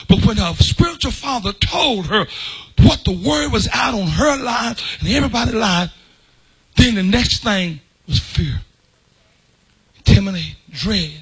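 A man preaching with a raspy voice that sits unusually high for a man, swinging wide in pitch as he shouts. His delivery rises into a sing-song chant, bright and sharp in tone. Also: poor audio. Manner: shouting, sing-song cadence, Southern Black church preaching style. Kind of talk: whooping sermon.

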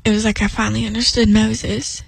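A woman's voice: fairly high pitch, little pitch movement, fairly quick, creaky, breathy edge, dry recording, poor audio. A young woman speaking earnestly about faith in a personal devotional talk, emphatic and rambling with restarts. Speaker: Christian speaker.

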